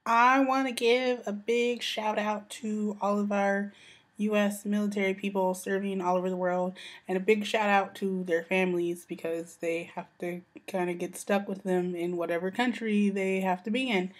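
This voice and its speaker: A woman's voice: mid-range voice, fairly even intonation, moderate pace. An American woman, a young adult, chatting casually in a vlog and saying "like" and "you know" a lot. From United States. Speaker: vlogger.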